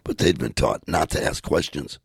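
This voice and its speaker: A man reading a storybook aloud in a measured, steady way. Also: extremely low pitch, vocal fry, husky, dry recording, studio quality. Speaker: narrator.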